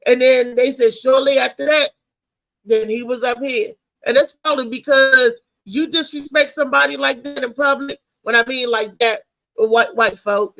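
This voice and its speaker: A high-voiced woman hosts a live talk show. Her tone is gravelly and sharp. She comes across animated and excitable as she talks to her listeners and tells her stories. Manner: animated, loud and excitable, telling family stories. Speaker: host. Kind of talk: casual live-show monologue.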